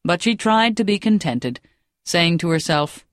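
A woman reading an audiobook in a measured, even narration. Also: lowish voice, no echo, clean studio sound.

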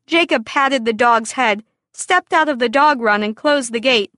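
A woman reading a children's story aloud in a clear, expressive storytelling manner. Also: fairly high pitch, unhurried, few pauses, no room sound, clean studio sound.

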